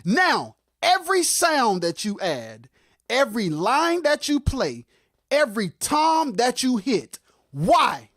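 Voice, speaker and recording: A livestream co-host with an animated, swooping pitch, talking about music with real passion. They take their time and lean on repeated words for emphasis, rising to shouts and sinking to low asides. The sound is dry and close, with no room around the voice. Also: takes it slowly, no echo. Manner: gets fired up and shouts, then drops to quiet, low asides. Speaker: co-host of a live music talk stream. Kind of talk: impassioned livestream commentary on gospel music production.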